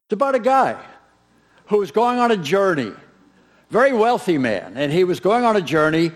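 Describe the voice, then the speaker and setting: A man preaching a sermon, retelling a parable as an animated storyteller who acts out its characters with humor. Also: sits high, normal speed. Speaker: pastor.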